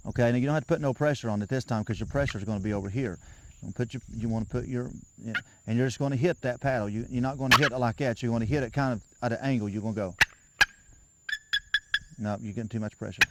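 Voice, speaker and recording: A man's voice: medium pitch, very noisy. A man giving a patient, folksy hands-on lesson outdoors, often repeating himself as he coaches a beginner. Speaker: turkey calling instructor.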